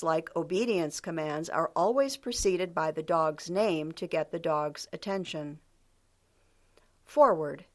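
A woman giving a scripted instructional narration, reading steadily and calling out each section heading. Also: fairly low pitch.

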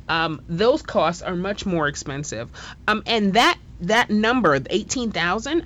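A woman's voice: mid-range voice, dull audio. Assured woman with a New York accent. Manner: assured, conversational, quotes figures. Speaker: radio guest host. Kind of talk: radio interview.

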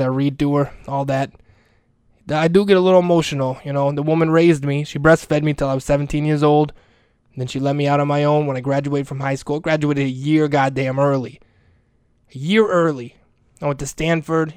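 A man's voice: on the high side, clear, resonant tone, no room sound, clean studio sound, close to an everyday voice. A man playing a crude, foul-mouthed middle-aged school janitor in a comedic character monologue, rambling and grumbling in a profane rant.

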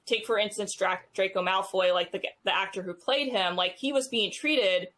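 A woman in her thirties, a podcast guest telling stories in a halting, casual way full of fillers. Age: 30s. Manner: halting, many fillers, rises in pitch when animated. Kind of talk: casual conversational storytelling.

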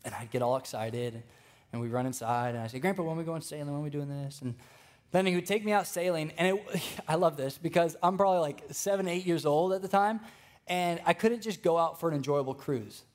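A young man preaching a sermon, telling stories with lively energy and speaking straight to the congregation. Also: fairly high pitch, brisk. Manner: storytelling, animated, addresses congregation directly.

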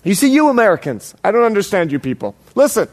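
A Bahamian-born male pastor preaching a sermon, telling stories and dropping from loud exclamations to low hushed lines. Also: big pitch swings, fast.

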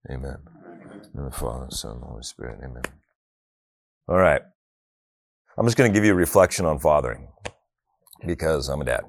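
A man's voice: a bass voice, vocal fry, no room sound, studio quality. A middle-aged man leading a prayer, then telling personal stories with humor and earnest reflection at a faith talk. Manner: humorous, earnest, acts out family dialogue.

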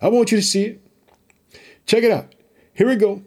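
A man with a fairly high voice gives a fervent Bible teaching. He reads scripture aloud and then talks straight to his listeners, calling them family. He keeps coming back to the same short catchphrases between verses. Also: flat delivery, moderate pace. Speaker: preacher.

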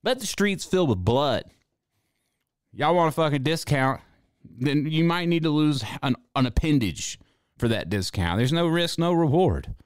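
A man's voice: a little high, expressive, unhurried, smooth, no room sound, clean studio sound. A young man streaming, ranting casually and sarcastically with plenty of swearing. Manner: sarcastic, swears freely, drawling asides. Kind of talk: casual profane rant.

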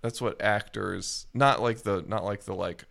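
A man's voice: fairly low pitch, measured pace, gravelly, a bit bright. A man from the Baltimore area chatting casually as a podcast co-host, wry and riffing with playful ideas. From US South, Baltimore area. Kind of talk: casual chat.

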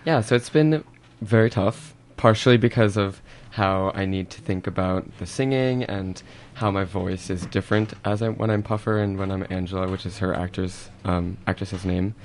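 Teen boy, lowish voice, earnest and a bit rushed. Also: slight background noise. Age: teens. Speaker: high school actor. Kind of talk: casual interview talk.

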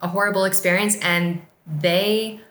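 Bright-voiced woman in an echoey room. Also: mid-range voice, steady tone, a little slow. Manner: earnest, emphatic, lightly laughing. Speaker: podcast co-host and business team member. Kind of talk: casual business podcast chat.

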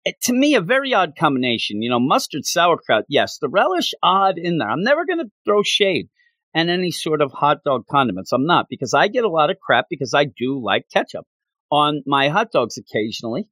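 A man's voice: fairly high pitch, big pitch swings, brisk, fairly bright tone, no room sound. A man casually reviewing a comic issue, chatty and full of opinionated asides.

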